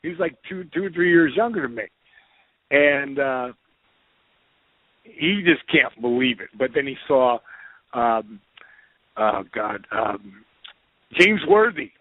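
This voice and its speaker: A man telling a lively, profane anecdote as a podcast guest, acting out the voices of the people he quotes. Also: mid-range voice, slow, long pauses, no room sound. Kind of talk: casual anecdote storytelling. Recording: tinny phone-like line, dry.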